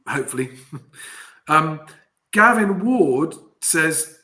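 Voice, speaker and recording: A man's voice: on the high side, expressive, extremely slow, sharp tone. A man hosting a casual chat, reading out viewer comments and laughing often. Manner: chatty, laughs often, reads comments aloud. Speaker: host.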